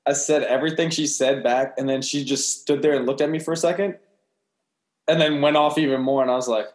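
A man's voice: medium pitch, fairly even intonation, a little fast. Young man, bartender, casual story, offhand, echoey room. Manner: laughing, offhand, swears freely. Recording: roomy echo.

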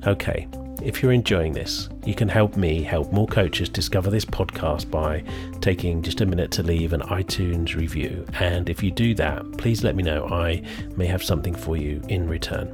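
Low-voiced male podcast host. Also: normal speed, over music. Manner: joking, self-deprecating. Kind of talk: casual podcast chat and outro.

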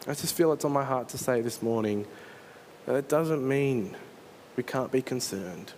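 Earnest pastor preaching. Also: male voice, mid-range voice, normal speed, darkish tone, a little hiss or hum. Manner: earnest storytelling, dramatizes scenes. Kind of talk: sermon.

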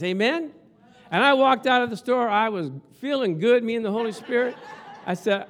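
A man's voice: high voice, a little fast. A man preaching a sermon as pastor, telling stories and acting out quotes with lots of passion. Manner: animated, storytelling with acted-out quotes.

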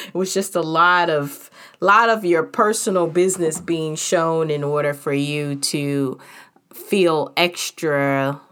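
Frank, chatty woman with a lowish voice. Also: a bit bright. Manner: frank, candid and humorous; chatty, with many fillers. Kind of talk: casual personal storytelling.

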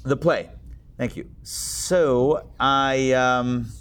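A man's voice: medium pitch, fairly even intonation, drawn-out words, a bit bright, clear, resonant tone. A man teaching a Torah class to a live audience, chatty and joking, with a lot of digressions.

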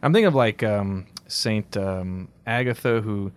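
A man co-hosting a podcast, retelling a story in casual chat with lively reactions. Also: fairly low pitch, unhurried, clean tone.

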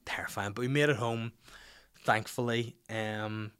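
A man's voice: on the low side, fairly even intonation, measured pace, a bit bright, clean tone. A Northern Irish man in his thirties, a podcast host telling a rambling anecdote, swearing freely and mimicking people in his stories. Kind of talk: casual storytelling.

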